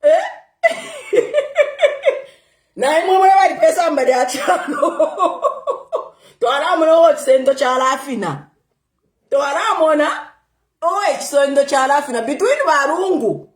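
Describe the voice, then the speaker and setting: Animated laughing woman, echoey room. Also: sits high, unhurried, pauses often. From Zambia. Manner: animated, laughing, code-switching. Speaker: commentator. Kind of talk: casual political commentary vlog.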